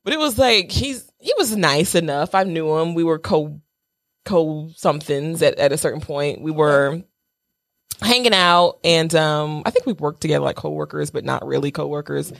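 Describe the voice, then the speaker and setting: A woman's voice: sits low, moderate pace, gravelly, no room sound. A young adult woman co-hosting a podcast, telling a story in a playful, casual way and acting out what others said. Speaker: podcast co-host.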